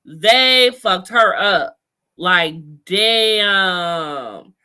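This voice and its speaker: A woman's voice: mid-range voice, expressive, extremely slow, sharp tone, clean tone. A woman co-hosting a casual TV recap chat, laid-back and profane, laughing often. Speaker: podcast co-host.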